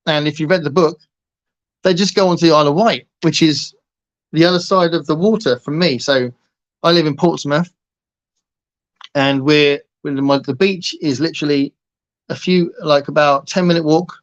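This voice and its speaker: A man's voice: a little high, steady tone, normal speed, long pauses. A man hosting a livestream, chatting casually and playfully with viewers, laughing often and rambling between topics. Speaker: livestream host. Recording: muffled lo-fi livestream audio.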